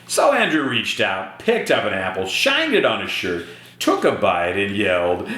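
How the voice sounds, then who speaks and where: A teacher reading a picture book aloud to children, chatty and playful. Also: male voice, medium pitch, huge pitch swings, measured pace, a bit bright. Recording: echoey room.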